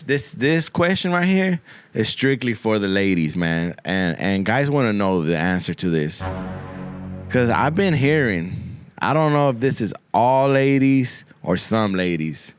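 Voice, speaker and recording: A man's voice: mid-range voice, very animated, unhurried, clean tone, no room sound, faint music behind. A man hosting a podcast, rambling through a crude comic monologue full of swearing and Spanish slang, often repeating himself. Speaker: podcast host.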